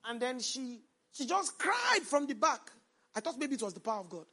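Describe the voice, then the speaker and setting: A man with a high voice preaching to a church congregation. He leads call-and-response lines, leaving gaps for the crowd to fill in. His delivery swings from loud emphatic lines to quiet, close storytelling. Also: very animated, normal speed. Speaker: pastor. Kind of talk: sermon. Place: church before a congregation, also streamed online.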